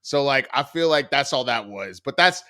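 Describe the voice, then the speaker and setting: A man's voice: mid-range voice, moderate pace. A man casually recapping a TV episode, acting out the characters' lines as he tells it. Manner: animated retelling with quoted character lines and laughs. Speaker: TV critic.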